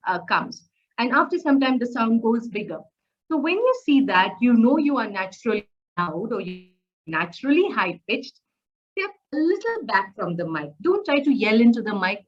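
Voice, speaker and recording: Woman teaching. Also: a little high. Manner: frequent "uh" fillers and "okay?" checks with listeners. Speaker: public speaking instructor. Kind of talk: online course lecture. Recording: muffled lo-fi recording.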